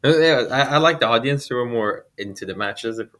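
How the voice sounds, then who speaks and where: A man's voice: medium pitch, brisk, fairly bright tone. A man co-hosting a casual podcast chat about wrestling, mostly giving short agreeing replies. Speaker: podcast co-host.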